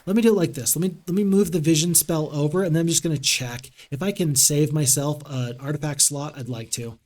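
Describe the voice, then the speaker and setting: A man's voice: a little high, steady tone, brisk, a little mellow. Upbeat game streamer, a man thinking aloud. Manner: upbeat, thinks aloud while greeting chat. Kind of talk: live-streamed gameplay commentary.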